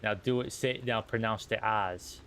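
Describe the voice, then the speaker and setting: A man's voice: on the low side, measured pace, fairly bright tone, slight background noise. A man with a Boston accent, chatting casually and playfully while streaming a game. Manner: playful, bantering. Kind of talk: casual gameplay chat.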